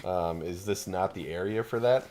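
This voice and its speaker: A man's voice: sits low, normal speed, mellow, faint music behind. A man chatting casually as co-host of a game playthrough, rambling and hesitant with many restarts, and coughing now and then from a lingering chest cold. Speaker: co-host commenting on gameplay. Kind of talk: casual let's-play chat.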